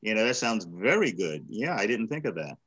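A man's voice: fairly low pitch, sing-song, brisk, fairly bright tone, husky, lo-fi sound. A man presenting a discussion series, talking in a thoughtful, hesitant way with restarts over a video call. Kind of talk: casual group discussion.

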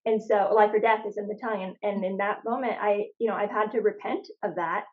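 A woman's voice: medium pitch, fairly even intonation, a little fast, lo-fi sound. A young adult woman from Arizona, a guest in a casual faith-centered conversation, telling stories in a chatty way full of "like.". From Phoenix, Arizona, USA. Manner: chatty storyteller, lots of "like". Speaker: interview guest.

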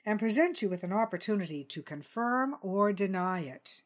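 A woman voicing Dilly, a calm, persistent jungle news creature who presses her points. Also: medium pitch, normal speed, close to an everyday voice.

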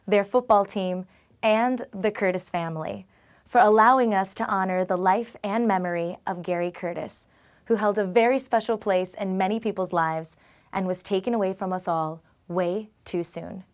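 A woman reporter giving a measured, solemn scripted narration. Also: mid-range voice, dry recording.

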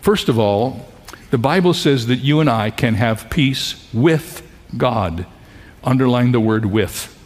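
A man's voice: medium pitch, normal speed. A man with a mid-range voice delivers an earnest sermon, his words swelling with conviction as he builds toward key points. He addresses the congregation directly and invites them to join in. The sound carries a long reverb, as if from a large sanctuary. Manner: earnest preaching, rising in intensity, leading the congregation. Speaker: pastor. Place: church sanctuary before a congregation.

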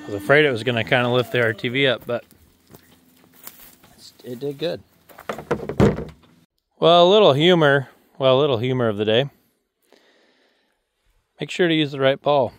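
A man's voice: mid-range voice, moderate pace, long pauses. A man casually narrating an equipment dealer's vlog, chatty and self-joking, thinking aloud as he works around a yard and shop.

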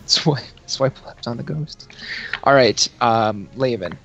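A man's voice: takes it slowly, creaky, a bit bright, slight background noise. A man running a tabletop game as dungeon master, teasing his players and laughing often. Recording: dull low-fi sound with faint music.

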